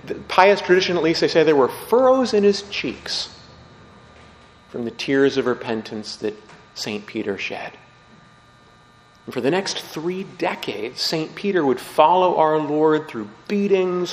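A priest reads the gospel and delivers a short homily in a large hall, captured in a rough recording. He raises his voice to act out the people he quotes, with rising pitch and force.

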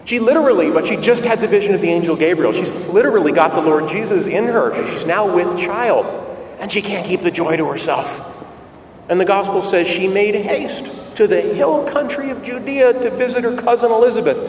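A man's voice: high-pitched, fairly quick, slight background noise. A male priest giving a sermon in a large church, conversational and emphatic, heard from far off in an echoey space.

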